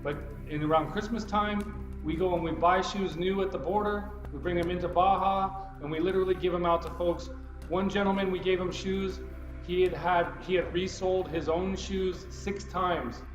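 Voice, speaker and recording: Man with a slightly high voice, talkative and wandering off topic; roomy, slightly muffled recording with music underneath. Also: steady tone, moderate pace. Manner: chatty, digressive, loose and unpolished. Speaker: real estate group admin making a tutorial. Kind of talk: casual rambling screen-recording vlog. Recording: roomy, slightly dull sound with music behind.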